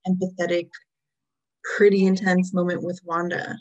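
Lower-voiced woman sharing theories. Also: little pitch movement, a little fast, highs cut off. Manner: thoughtful, chiming in with agreement and theories. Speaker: podcast co-host. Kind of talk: casual chat.

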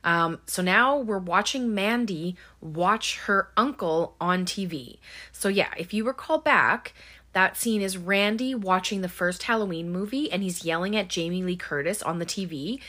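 A woman's voice: medium pitch, normal speed, pushed and bright. A woman giving a casual, chatty spoken recap of a film, full of "um" and "like", who briefly acts out the characters' lines.

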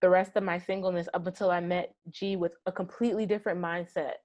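A woman's voice: lowish voice, little pitch movement, fast, a little mellow. A woman in her thirties, a guest in an interview, earnestly telling a personal story with many "like" fillers. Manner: earnest, heartfelt, frequent "like" fillers.

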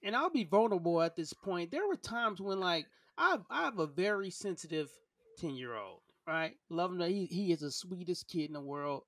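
A man's voice: sits high, very animated, normal speed, a bit bright, no echo, studio quality. A man hosting a casual podcast conversation, earnest and open, often repeating words as he searches for his thoughts. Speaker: podcast host.

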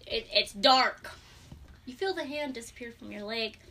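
A woman narrating a tabletop game as game master. She animates the scenes and drops low for suspense. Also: normal speed, background noise.

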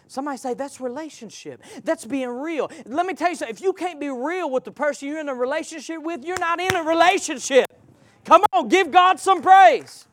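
High-voiced preacher man in an impassioned sermon. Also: moderate pace, no room sound. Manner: impassioned, swings from loud to hushed, asks the congregation questions. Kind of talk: live sermon with call-and-response.

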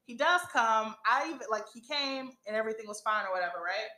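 Animated woman telling a raunchy story. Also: on the high side, quick pace, roomy sound. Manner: animated, profane, laughs often. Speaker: podcast host. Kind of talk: casual storytelling chat.

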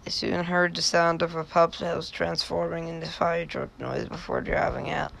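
A man reading a fan story aloud with dry sarcasm, tripping over phrases and mocking the text. His voice is gravelly and slightly high, with a faint hiss behind it. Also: steady tone, normal speed, a bit bright. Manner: sardonic asides, stumbles over words. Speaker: reader. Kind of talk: comedic fan fiction reading.

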